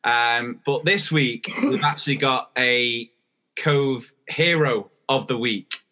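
Bright-voiced man chatting casually. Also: mid-range voice. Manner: rambling, chatty, lots of fillers and restarts, quick to laugh. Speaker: podcast co-host, teacher. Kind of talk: casual chat.

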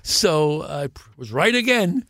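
An older man, a guest actor on a podcast, telling lively anecdotes and acting out the voices of the people in them. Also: a little high, a little slow, vocal fry, no echo, studio quality. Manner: animated anecdotes, acting out the other voices in his stories. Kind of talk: podcast interview storytelling.

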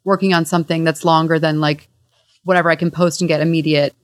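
A woman's voice: low voice, flat delivery, fast talker, dry recording. A woman comedian from the United States, a guest on a podcast, talking in an ironic, chatty way with many fillers over a remote link. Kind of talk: casual interview chat.

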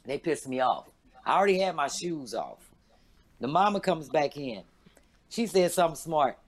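A woman in her fifties, a stand-up comedian, telling a story in a loud, profane, animated way and acting out every quote. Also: moderate pace, slightly rough. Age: 50s. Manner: loud, profane, acts out quotes with big pitch jumps.

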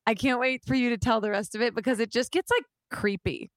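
Woman co-host with quick teasing reactions. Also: fairly high pitch, steady tone, dry recording. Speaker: podcast co-host. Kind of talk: casual chat.

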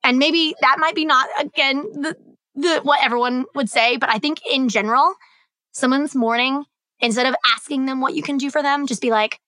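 A young woman talks alone on her podcast in a candid, rambling way, leaning on fillers as she thinks aloud. Her voice sits a little high and sounds bright and forward. The sound is close and dry, with no room around it. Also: steady tone, brisk, dry recording. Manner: candid, chatty, filler-heavy. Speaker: podcast host. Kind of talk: solo podcast talk.

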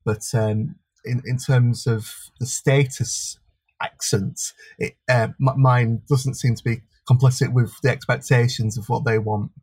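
A man's voice: mid-range voice, level tone, measured pace, darkish tone, husky, no room sound. A man with a Blackburn Lancashire accent, a media worker and stage performer, answering casually in an interview with frequent stammered restarts.

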